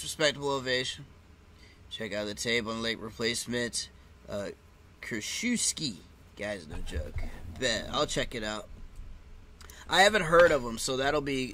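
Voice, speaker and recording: A man's voice: mid-range voice, sharp tone, slight background noise. A man casually chatting and laughing as he reacts live to a fight card, with loose, swearing banter.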